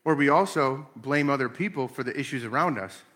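With a mid-range voice and brisk pace, a man in his late thirties chats about family and faith, bringing his stories to life by acting out voices.

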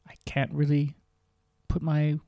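Earnest male host reading his memoir, even delivery, dry close sound. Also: fairly high pitch, takes it slowly, dry recording. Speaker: podcast host.

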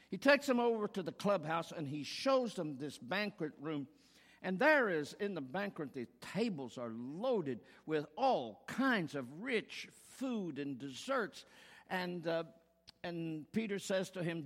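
A man's voice: sits high, expressive, unhurried, a bit bright. A man preaching a sermon as pastor, telling a joke and then making emphatic rhetorical points. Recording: long hall reverb.

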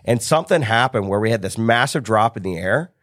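A man's voice: on the low side, fairly quick, no room sound, studio quality. A middle-aged man, a business coach and podcast guest, telling a story in casual conversation and acting out the voices of the people in it. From United States. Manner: animated storyteller acting out quoted dialogue.

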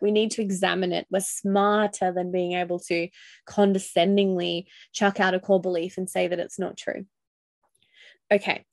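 A woman talks through her own thoughts on a solo podcast, candid and reflective, with the odd swear word. Her voice sits at a middling pitch. The recording is dry and close, with no room sound. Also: vocal fry, dry recording. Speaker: podcast host and coach.

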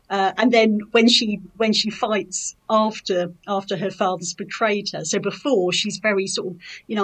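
A woman's voice: medium pitch, fairly even intonation, normal speed, rough recording. Hesitant chatty woman poet. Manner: hesitant, many fillers and restarts. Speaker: poet and author. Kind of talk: casual chat.

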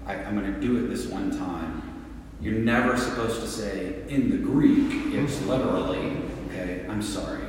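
A man preaching a sermon as pastor, deliberate and full of rhetorical questions and repeated words. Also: fairly low pitch, a little mellow, slight background noise. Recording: echoey hall from a distant mic.

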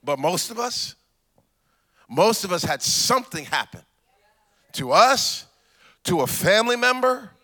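A man's voice: high-pitched, sing-song, a little slow, long pauses, bright, forceful tone. A man preaching a sermon as pastor, repeating questions rhythmically and adding humorous asides.

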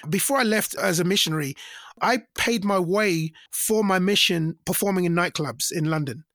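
A middle-aged man telling stories in a casual interview, animated and acting out the voices of people he quotes. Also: moderate pace, no echo, clean studio sound. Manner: animated, acts out quoted voices with big pitch jumps. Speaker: singer and interview guest.

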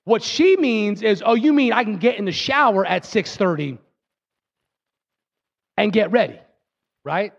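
A man preaching a sermon, talking straight to his listeners with frequent "right?" checks, climbing higher and more intense in places, then dropping low and quiet to press a point. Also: animated, unhurried, gravelly, pauses often, muffled recording. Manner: rises in pitch and builds intensity, drops low and quiet for emphasis. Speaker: pastor.

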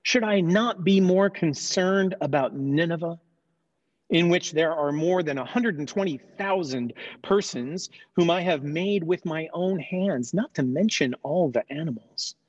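A man's voice: a little high, unhurried, pitched above the performer's own voice. A man voicing God as a stern yet tender fatherly deity in a dramatized sermon retelling, earnest and emphatic. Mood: stern pleading. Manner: earnest, questioning, rising to emphatic. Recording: dull lo-fi recording.

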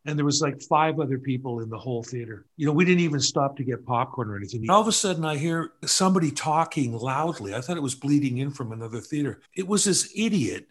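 A husky older man in his seventies tells animated stories in a relaxed conversation. He slips into the voices of the people in his tales as he goes. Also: mid-range voice, quick pace, hardly any pauses. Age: 70s. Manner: animated anecdote teller, acts out voices. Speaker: guest artist. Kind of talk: casual storytelling chat.

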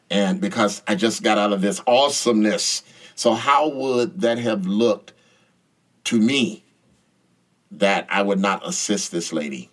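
A man speaking casually about faith, animated as he acts out both sides of a conversation. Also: fairly low pitch, moderate pace. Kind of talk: casual spiritual talk.

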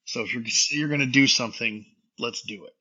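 A man's voice: mid-range voice, a little fast, pushed and bright, slightly rough, muffled recording. A man, a musician being interviewed, talking reflectively and hesitantly with many fillers. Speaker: guest musician. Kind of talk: casual interview answers.

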